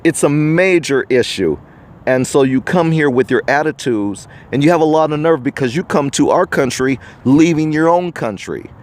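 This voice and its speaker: A man's voice: on the high side, moderate pace. An American man hosting a podcast, giving a preachy, indignant opinion monologue to the viewer. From United States. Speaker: podcast host.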